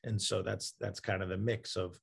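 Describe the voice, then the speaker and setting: A man's voice: low voice, flat delivery, normal speed, vocal fry, husky. A man who runs a crowdfunding platform, answering interview questions in a loose explanatory way with many fillers and restarts.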